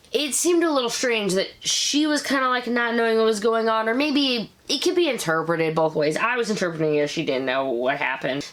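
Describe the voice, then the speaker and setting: A woman in her thirties hosting a casual episode review, chatty and animated, with quick asides. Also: medium pitch. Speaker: show review host.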